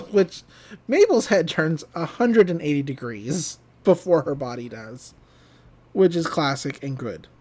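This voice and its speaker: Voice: medium pitch, big pitch swings, measured pace, darkish tone. Laughing podcast host recapping a cartoon. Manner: rambling, laughing, acts out the lines. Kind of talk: casual episode recap.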